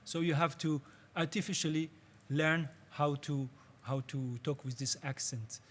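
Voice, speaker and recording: Male workshop teacher, slightly raised pitch, patient and halting, searching for English words. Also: fairly even intonation, fairly bright tone, slight background noise. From Israel. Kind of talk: spoken workshop lecture.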